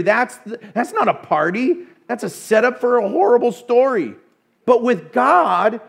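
A male pastor preaching a sermon in an animated way, acting out voices with sudden hushes and bursts. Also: high-pitched.

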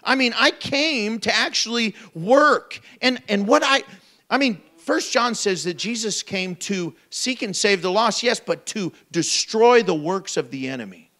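A man with a high voice preaches an animated sermon. He slips into playful put-on voices and jokes along the way, keeping the tone lively and conversational. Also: a little slow. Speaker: pastor.

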